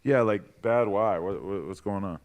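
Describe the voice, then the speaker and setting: A man's voice: on the low side, normal speed. A man hosting a podcast, opening it in a hyped, announcer-like way. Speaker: podcast host. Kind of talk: podcast intro.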